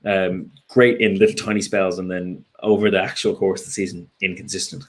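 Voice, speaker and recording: A man's voice: low voice, flat delivery, fairly quick. An Irish man chatting as a fan guest after a match, frank and rambling, with lots of ums and restarts. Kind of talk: casual post-match chat.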